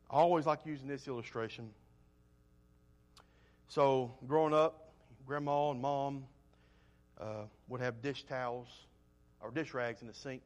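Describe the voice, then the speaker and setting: A man preaching a sermon, telling homespun stories in a folksy way and swinging between loud emphasis and soft asides. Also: mid-range voice, steady tone, measured pace, pauses often.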